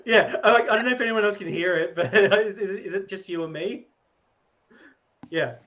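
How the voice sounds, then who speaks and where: A man's voice: sits high, normal speed, fairly bright tone, dull audio. A man playing a tabletop game, talking in rambling, stammering restarts as his character. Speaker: player.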